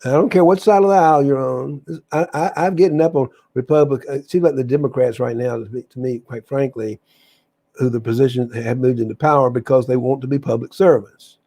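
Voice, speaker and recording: A man hosts a casual spiritual livestream in a mellow, dark voice with a gravelly, husky texture. He talks enthusiastically and rambles, often breaking off and restarting his sentences. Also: mid-range voice, fairly quick. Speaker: livestream host.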